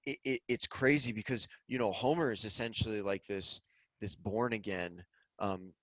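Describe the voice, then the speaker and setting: A man's voice: fairly low pitch, steady tone, moderate pace, a bit bright, no echo, low-quality recording. A man co-hosting a podcast, talking earnestly through a film and often repeating words as he gathers his thoughts. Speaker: podcast co-host. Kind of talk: casual film discussion.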